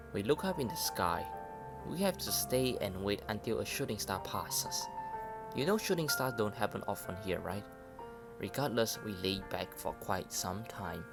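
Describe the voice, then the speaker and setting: A man casually reading a dating game aloud, stumbling over words now and then. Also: lowish voice. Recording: voice over loud game music. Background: game music.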